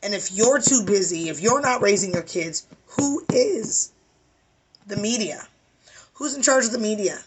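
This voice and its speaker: A woman's voice: mid-range voice, animated, moderate pace. A woman with a weary voice giving an emphatic, preachy spiritual tarot reading, swearing casually. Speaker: tarot reader.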